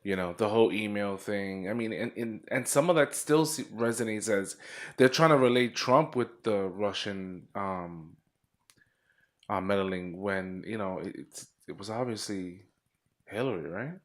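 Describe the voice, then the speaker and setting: Low-pitched man, rambly podcast co-host, hedges a lot. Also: unhurried. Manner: rambling, hedging with "you know". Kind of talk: casual political chat.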